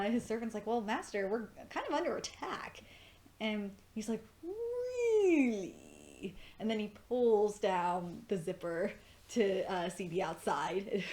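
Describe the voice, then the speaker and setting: Excitable woman gushing as a fan reviewer. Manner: excitable, gushing, swears freely, laughs often; voice leaps high when excited. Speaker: TV episode reviewer. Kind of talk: casual fan review commentary.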